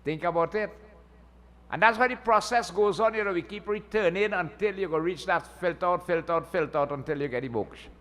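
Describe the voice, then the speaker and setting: Brisk and high-voiced with a fairly bright tone, this male pundit gives a folksy Hindu sermon, often checking in with listeners by saying "eh?" He's in a temple hall, and the recording has long reverb.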